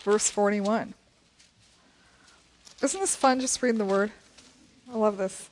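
Woman, Bible study teacher, chatty, reads scripture aloud, mid-pitched voice. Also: slow pace, a little hiss or hum. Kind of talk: Bible study reading and commentary.

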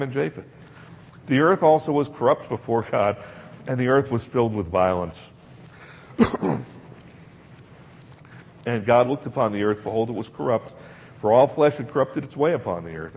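A man preaches a sermon to a congregation in a chatty, emphatic manner, repeating words for emphasis. His medium-pitched voice is gravelly and slightly mellow, and the dull, lo-fi recording from a large hall carries slight background noise.

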